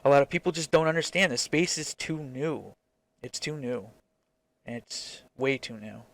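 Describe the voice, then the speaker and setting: Man, indie game dev vlogging alone, mid-pitched voice, frank and hesitant, restarts a lot, casual cursing. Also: expressive, normal speed. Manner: frank, rambling, swears freely. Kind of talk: casual reflective vlog.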